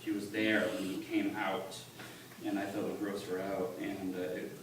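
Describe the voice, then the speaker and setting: A man giving a halting, earnest personal testimony at church, recorded on a phone from the congregation. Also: low voice, flat delivery. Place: church sanctuary. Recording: echoey church on a distant phone, noisy.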